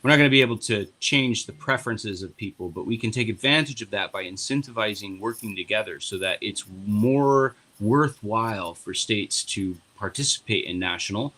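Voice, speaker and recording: A man, a party board member, telling a long story on a podcast in a casual, animated and profane way. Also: lowish voice, normal speed, few pauses.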